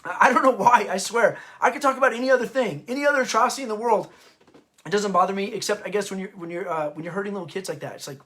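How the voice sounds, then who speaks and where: Hosting an unscripted history talk, a parenting author speaks in a high, fairly bright voice. He's fired up and passionate but halting, often breaking off mid-sentence to begin again.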